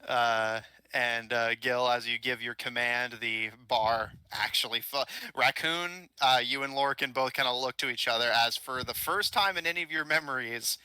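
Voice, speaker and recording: A man's voice: medium pitch, moderate pace, few pauses, pushed and bright, clear, resonant tone, low-quality recording. A man running an online tabletop game as game master, chatty and laughing between lines, full of uhs.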